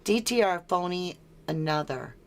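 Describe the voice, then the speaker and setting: A woman's voice: fairly low pitch, lively intonation, normal speed. An American woman hosting a casual true crime livestream, reading viewer comments aloud and answering them with frequent chuckles. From United States.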